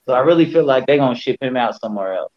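A man's voice: mid-range voice, animated, racing, dull audio. A man co-hosting a casual basketball podcast, giving blunt, slangy opinions. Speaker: podcast co-host.

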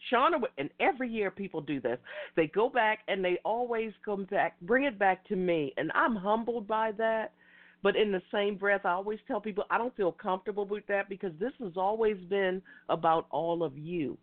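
A woman's voice: mid-range voice, normal speed. A woman hosting an internet talk radio show, talking in an effusive, passionate, rambling way. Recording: tinny phone-like line.

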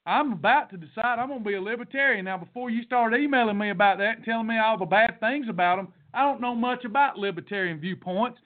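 A high-voiced man delivers a blunt, folksy pep talk with the cadence of a sermon, hammering each point twice. His voice comes through thin and tinny, like a phone line, and he pushes hard at his audience. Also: quick pace, hardly any pauses. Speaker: podcast host. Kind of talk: preachy motivational monologue.

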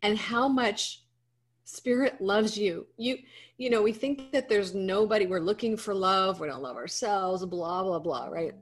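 Husky-voiced earnest woman guest. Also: medium pitch, unhurried. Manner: earnest, emotional, uplifting. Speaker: guest coach. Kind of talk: heartfelt inspirational talk.

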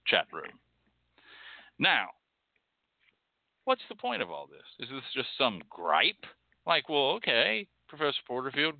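A man's voice: medium pitch, vocal fry, dry recording. A man hosting a show, delivering a blunt, profane, ranting monologue. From Texas. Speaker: podcast host. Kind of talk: impassioned monologue. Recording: dry, tinny phone-like sound.

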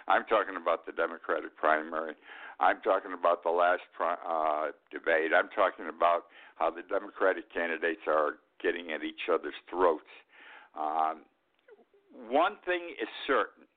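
A man's voice: sits low, moderate pace. An older man hosting a talk show, giving an indignant, emphatic political commentary and repeating his points. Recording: tinny phone-like line.

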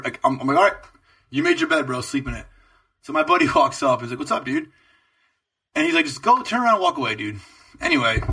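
A man's voice: breathy edge, far from the mic. A young man co-hosting a podcast, telling a long story in a loose, profane way with lots of energy. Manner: animated, profane storytelling with swooping pitch. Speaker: podcast co-host. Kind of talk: casual storytelling chat.

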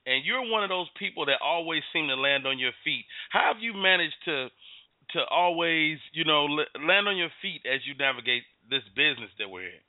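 A man's voice: on the high side, expressive, no room sound. Casual male host on a phone-quality line. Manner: casual, halting, joking. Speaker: radio show host. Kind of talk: talk-show interview. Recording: tinny phone-line sound.

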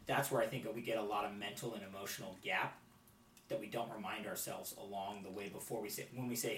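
A man's voice: on the low side, fairly even intonation, fairly quick, fairly bright tone. A man, a guest on a faith podcast, talking reflectively and often checking in with "right?" as he goes. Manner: reflective, with frequent restarts and "right?" tags. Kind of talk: conversational faith podcast chat. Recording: roomy, distant mic, faint noise.

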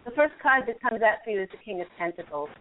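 A woman's voice: mid-range voice, sing-song, fast, a little hiss or hum. A woman hosts a call-in show, doing spiritual card readings for callers in a soothing, encouraging tone, often breaking into laughs. Her voice sits in a middle range. The sound is narrow and phone-like. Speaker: radio host and angel card reader. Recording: phone-like lo-fi line.

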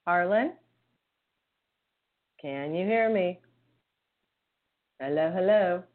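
A woman's voice: fairly low pitch, lively intonation, extremely slow, phone-quality sound. A woman hosting a live show, bubbly and gushing as she chats. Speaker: host.

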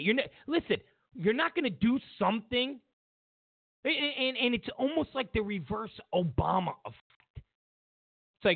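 A man's voice: very high voice, lively intonation, measured pace, gravelly, long pauses, no echo. A man hosting a talk show, delivering a rambling political monologue with many repeated words and restarts. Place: Los Angeles. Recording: dry, tinny phone-like sound.

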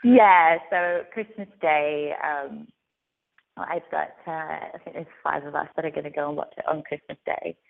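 A woman's voice: sits low, steady tone, moderate pace, vocal fry, slight background noise. A young woman with an Australian accent mixed with American, an actress chatting upbeat with many fillers in a phone interview. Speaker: actress guest. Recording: tinny phone line.

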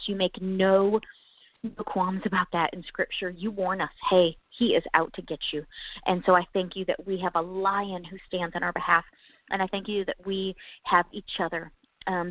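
A woman's voice: medium pitch, dry recording. A woman co-hosting a podcast, praying aloud in an earnest, heartfelt way. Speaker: podcast co-host. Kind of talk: spoken prayer. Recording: tinny phone-like sound, dry.

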